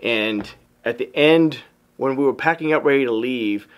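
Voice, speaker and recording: A man's voice: medium pitch, normal speed, smooth. A man who works as a photographer, giving an upbeat motivational talk to his viewers and calling them y'all. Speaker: photographer and vlogger.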